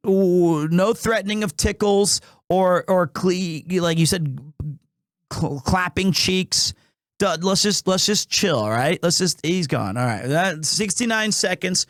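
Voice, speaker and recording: A man's voice: sits high, unhurried, fairly bright tone, no echo, clean studio sound. A man streaming live, chatting casually and jokingly with his viewers, rambling along with frequent restarts and self-corrections. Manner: joking and playful with chat.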